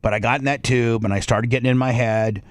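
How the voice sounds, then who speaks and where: A man's voice: medium pitch, steady tone, quick pace, no echo. A man hosting a talk radio show, telling a personal story in casual chat and acting out his own panicked voice.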